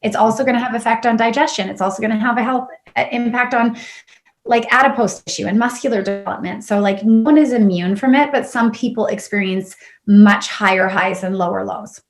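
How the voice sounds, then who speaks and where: Chatty woman, slightly higher voice. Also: a little fast. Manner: candid, chatty, full of fillers. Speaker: guest chiropractor. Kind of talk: casual podcast conversation.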